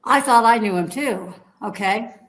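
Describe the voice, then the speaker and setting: A woman telling a personal story as an interview guest. She talks in a lively, chatty way, acts out the voices of the people in her story, and keeps asking her listeners whether they follow. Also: a little high, unhurried, low-quality recording. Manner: animated storyteller, acts out quoted dialogue, checks in with "okay?".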